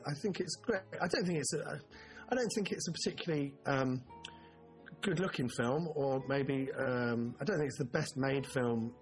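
A man co-hosting a podcast, chatting casually about films in a mid-pitched voice. He rambles, restarts his sentences and drops the odd swear word, while faint music sits under his speech. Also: normal speed. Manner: rambling, self-interrupting, swears. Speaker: podcast co-host. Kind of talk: casual film chat.

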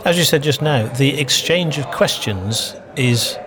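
A man's voice: mid-range voice, expressive, a little slow, music in the background. A man hosting a discussion, putting short questions to his guest. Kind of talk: interview questions.

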